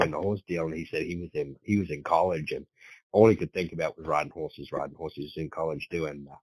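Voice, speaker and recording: A man's voice: sits low, slightly rough, dry recording, poor audio. A man from Britain, a horse trainer, telling rambling stories as a podcast guest, repeating words and swearing now and then. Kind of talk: casual storytelling.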